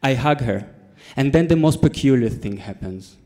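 Deadpan man telling a story. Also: medium pitch, normal speed. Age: 30s. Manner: deadpan storytelling with comic timing. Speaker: conference speaker. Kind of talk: storytelling talk to a conference audience. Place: conference hall.

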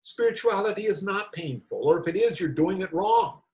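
Male meditation teacher, somewhat high voice, animated and incredulous, rambling asides. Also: normal speed, gravelly, low-quality recording. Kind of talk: reading and commentary on a spiritual talk.

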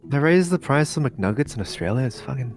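A man's voice: mid-range voice, lively intonation, fairly quick. A man bantering with friends during a gaming session, joking and teasing with casual swearing. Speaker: friend on the call. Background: game music.

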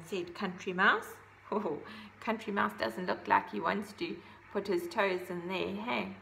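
A woman reading a children's picture book aloud, gently adding her own asides about the pictures. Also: mid-range voice, fairly even intonation, measured pace, creaky, a little hiss or hum, rough recording. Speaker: storybook reader.

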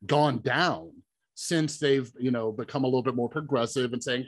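A man's voice: mid-range voice, moderate pace, dry recording. A man hosting a podcast interview, asking long casual questions full of fillers. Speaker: podcast host. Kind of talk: conversational interview.

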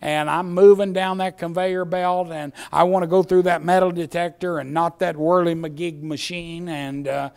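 A middle-aged male pastor preaching a sermon in a church, telling stories and acting out voices, swinging from hushed asides to shouting. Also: a little high, fairly even intonation, moderate pace, gravelly, few pauses. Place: church sanctuary.

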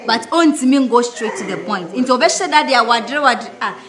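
Female guest, slightly high pitch, frank and casual, echoey room. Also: animated, a little fast, few pauses, fairly bright tone. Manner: frank, mixes Twi and English. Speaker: interview guest. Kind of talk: casual interview chat. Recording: roomy echo.

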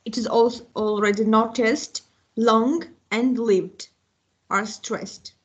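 A woman with an Azerbaijani accent, an English teacher slowly explaining a recorded lesson, with an occasional slip. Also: fairly high pitch, fairly even intonation, breathy edge. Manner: slow, deliberate explaining with occasional slips.

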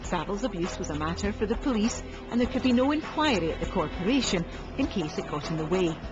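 A narrator reading a scripted documentary in a measured, grave way. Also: medium pitch, expressive. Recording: dull audio under music. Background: music bed.

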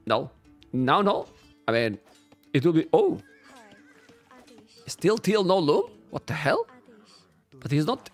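Animated Spanish-accented man casting a game. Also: a little high. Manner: animated, chatty, teasing the chat. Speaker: game caster. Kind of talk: live esports commentary.

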